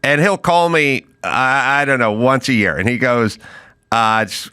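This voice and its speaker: A man's voice: medium pitch, unhurried, bright, forceful tone, clear, resonant tone, no echo. A man hosting a podcast, telling stories in a dry, offhand way. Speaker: podcast host. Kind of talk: casual podcast conversation.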